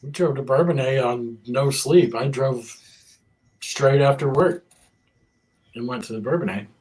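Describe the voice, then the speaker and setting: A man's voice: mid-range voice, a little slow, a little mellow, poor audio. A man hosting a casual sports chat, steering segments with short, dry remarks. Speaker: podcast host steering the segments.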